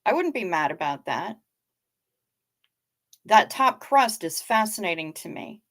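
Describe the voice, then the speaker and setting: A woman's voice: mid-range voice, big pitch swings, a little slow, a bit bright, dry recording, clean studio sound. A woman hosting a live stream in a casual, chatty way, reading out viewer comments with wry asides and repeating herself for effect. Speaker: livestream host.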